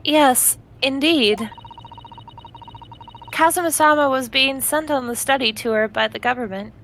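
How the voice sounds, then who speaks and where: A woman's voice: sits high, a little slow, a bit bright, a little hiss or hum. A woman voicing a polite young assistant. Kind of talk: fan voice-over of a game.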